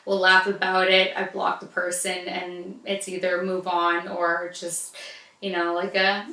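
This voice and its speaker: A woman's voice: lowish voice, completely flat delivery, a little slow, pushed and bright, recorded from a distance. An American woman in her thirties, a beauty vlogger chatting casually and gushing as she answers viewer questions. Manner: chatty and gushing, with playful asides. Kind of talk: casual chat. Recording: echoey room, a little off-mic.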